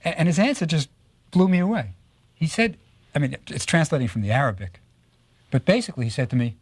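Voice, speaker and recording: A man giving a recorded lecture on Egyptology, telling stories with lively rhetorical questions and frequent tag questions. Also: on the high side, fast talker, breathy edge, no room sound. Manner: animated storytelling with rhetorical questions; tags statements with "right?".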